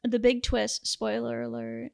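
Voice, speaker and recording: A young woman co-hosting a podcast casually retells a film's plot in an animated way, quoting characters in quick voices. Her voice is a little high, gravelly yet smooth, recorded in studio quality with no echo.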